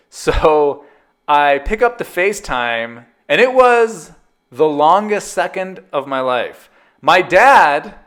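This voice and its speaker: A man in his thirties or forties hosts his own show, spinning a casual comedic story on his own. His voice sits a little high and swings between quiet asides and loud, exasperated acted-out dialogue. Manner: animated, jumps into loud exasperated retellings of dialogue. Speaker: podcast host.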